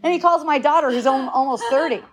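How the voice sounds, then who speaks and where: A woman's voice: sits high, fast talker. A woman in her fifties talking casually to a group, rambling with restarts, swearing freely and laughing often. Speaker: speaker in a group talk.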